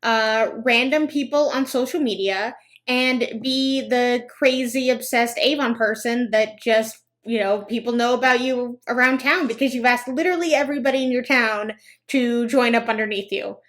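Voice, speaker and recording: Sarcastic high-voiced woman commentator. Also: moderate pace. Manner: sarcastic, reacting with groans and laughter; animated, acts out other people's lines in story. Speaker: anti-MLM commentary YouTuber. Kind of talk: casual commentary and storytime.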